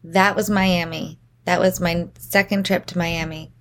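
A young woman hosting her own podcast, telling a story in a casual, animated way, swearing freely, filling her talk with "like" and acting out the people she quotes. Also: a little slow. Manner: animated, acts out quotes with big pitch jumps; swears freely, says "like" constantly. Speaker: podcast host. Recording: faint background noise.

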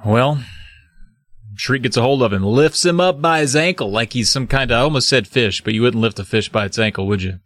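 A man's voice: mid-range voice, fairly quick, no room sound. A man recapping a spooky kids' book with jokes, acting out the characters as he goes. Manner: animated, acts out voices mid-story. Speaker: podcast co-host.

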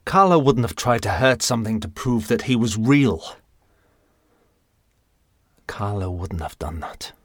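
An actor playing a drunk, grieving father who is bitter and agitated and whose voice breaks into shouts. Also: fairly low pitch, animated, measured pace, pauses often, no room sound, studio quality.

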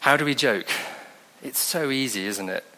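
A man preaching a sermon in a conversational way, with wry asides and slow scripture reading. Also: medium pitch, animated, pushed and bright.

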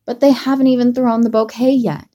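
A woman reading a story aloud, voicing a drunk, stubborn young woman with a high, pouting, snappish delivery. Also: lively intonation, takes it slowly, warm tone. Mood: drunk petulant.

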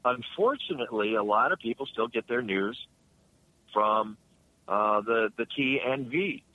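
A man's voice: medium pitch, a little slow, no echo. A middle-aged man, a longtime radio host, chatting casually and rambling with many restarts and fillers. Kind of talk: casual chat. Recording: dry tinny phone line.

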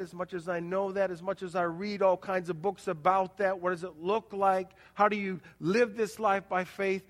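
A male pastor delivers a folksy sermon, peppered with rhetorical questions to his congregation. His voice sits high for a man, and he acts out quoted voices with sudden swings in loudness. A long church reverb trails every line.

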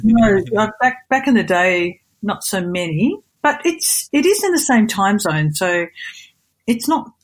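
A middle-aged Australian woman, a guest in a casual interview, animated, joking and self-mocking. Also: mid-range voice, unhurried.

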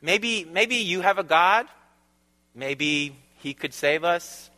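A frantic male ship captain, as a preacher acts him out, urges and pleads in a bright, forceful voice. The voice sits fairly high for a man. It rings with the long echo of a big hall. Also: lively intonation, slow pace, full character voice. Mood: pleading. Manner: urgent, pleading. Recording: long reverb of a large hall.

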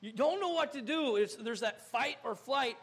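A young man preaching in a church, with a high voice that has a gravelly edge. He is animated, acting out little scenes and jumping to loud outbursts. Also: moderate pace. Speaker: pastor. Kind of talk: sermon.

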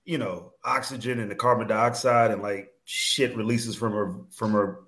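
A man's voice: lowish voice, steady tone, normal speed, fairly bright tone, reverberant. A man joining a casual recap chat as a guest, talking crudely and laughing through his riffs. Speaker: guest co-host.

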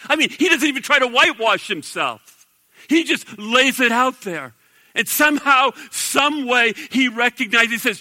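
A man preaching a sermon as pastor, animated and acting out the voices of the people he quotes. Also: high voice, unhurried, dry recording, rough recording.

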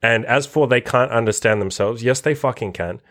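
A man's voice: mid-range voice, moderate pace. A man hosting a casual podcast monologue, blunt and profane, swearing constantly as he reacts to a list. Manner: animated, reacting to a written list. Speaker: podcast host and dating coach.

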